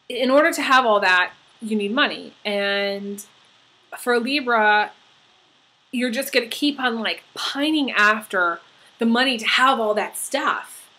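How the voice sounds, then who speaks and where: A woman giving a tarot horoscope reading, earnest and halting, with many fillers and restarts. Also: a little high, bright, forceful tone, poor audio. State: getting emotional. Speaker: tarot reader.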